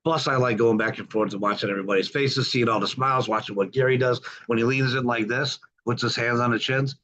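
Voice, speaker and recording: This middle-aged man's mid-range voice is a bit bright, quick-paced and fairly even in intonation. He hosts a podcast on a group video call through a computer mic, the audio dull and lo-fi, enthusiastically and folksily welcoming newcomers over and over.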